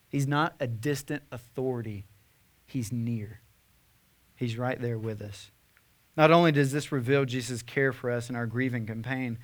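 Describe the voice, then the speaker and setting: A young man preaching a sermon as a pastor, conversational with fillers, swinging from impassioned emphasis to hushed tenderness. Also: medium pitch. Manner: earnest, rising to impassioned emphasis then hushed.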